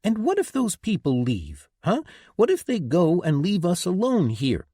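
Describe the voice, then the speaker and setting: A man's voice: sits high, wildly swooping pitch, slow pace, a bit bright, no echo, studio quality, pitched above the performer's own voice, full character voice. A man reading an audiobook, voicing a stubborn, anxious young woman who argues and pleads. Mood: arguing. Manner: pleading, argumentative.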